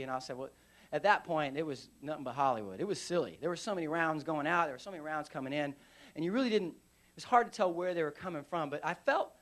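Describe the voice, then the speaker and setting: A veteran man giving a live storytelling speech at a conference, animated and acting out scenes with sound effects. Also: high voice. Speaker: veteran speaker. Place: conference stage.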